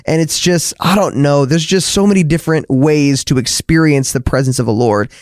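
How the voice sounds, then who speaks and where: A man's voice: fairly high pitch, moderate pace, no echo, studio quality. A man hosting a podcast, talking earnestly in a casual faith conversation and often repeating words as he goes. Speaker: podcast host.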